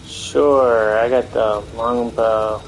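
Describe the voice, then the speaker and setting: Gravelly-voiced man streaming a game. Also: medium pitch, steady tone, very slow, slight background noise, poor audio. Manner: rambling, talks to chat and friends. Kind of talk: casual gaming stream chat.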